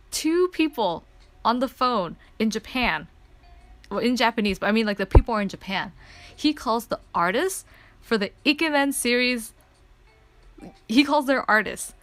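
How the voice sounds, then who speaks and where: A woman's voice: fairly high pitch, unhurried, pauses often, dry recording, soft background music. Woman streamer gushing thru a con story, lots of "like", dry close sound. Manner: excitable, rambling, lots of "like" fillers. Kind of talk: casual story time chat.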